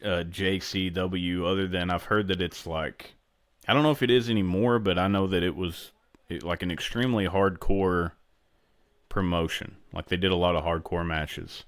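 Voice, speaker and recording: A man's voice: low voice, fairly even intonation, moderate pace, no echo, clean studio sound. A man co-hosting a podcast in casual chat, rambling and restarting his sentences. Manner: rambling, self-interrupting. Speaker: podcast co-host.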